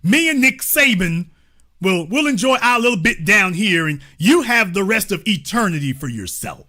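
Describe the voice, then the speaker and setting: A man's voice: high voice, big pitch swings, normal speed, pushed and bright, exaggerated voice. A man putting on the voice of a smug, condescending wealthy man, delivered with mocking, patronizing sarcasm.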